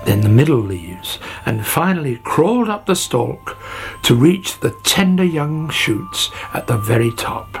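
A storyteller reading a children's story aloud in an expressive, unhurried way. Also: medium pitch, gravelly. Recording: faint background music.

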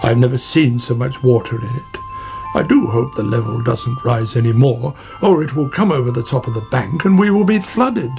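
A man's voice: medium pitch, normal speed, gravelly, over music, lightly acted. A man voicing a friendly, chatty, fretful male otter in a storybook. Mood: worried. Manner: chatty and worried.

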